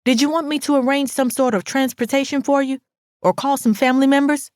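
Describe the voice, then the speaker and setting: A reader voicing a brisk, cheerful female nurse, high and quick. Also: fairly even intonation, darkish tone, dry recording, clean studio sound, lightly acted. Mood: chirpy. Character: loud talkative female nurse.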